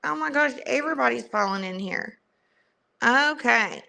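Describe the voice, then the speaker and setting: A woman's voice: on the high side, lively intonation, normal speed, creaky, sharp tone. A young woman with a strong Southern US accent chatting casually on a livestream and greeting viewers by name. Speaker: livestream host.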